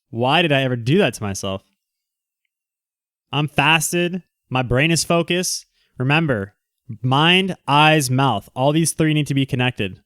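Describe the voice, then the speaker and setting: A man hosting a casual livestream, talking loosely and jumping between asides to the people watching. His voice comes across smooth and resonant. The sound is close and dry, with no room around it. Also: fairly high pitch, a bit bright, no echo. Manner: rambling, quick asides to viewers. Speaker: livestream host.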